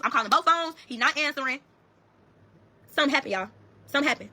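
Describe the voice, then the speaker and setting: Fast-talking woman with a bright voice. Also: sits high. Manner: rapid, heated, profane. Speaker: storyteller in a social media clip. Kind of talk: casual storytelling to viewers.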